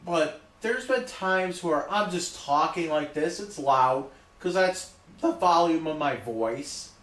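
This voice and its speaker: A man talking loudly in an emphatic, repetitive rant, often checking in with "okay?". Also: fairly high pitch, expressive, slow pace, reverberant. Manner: loud, repetitive, emphatic, keeps saying okay. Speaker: vlogger. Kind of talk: ranting monologue to camera.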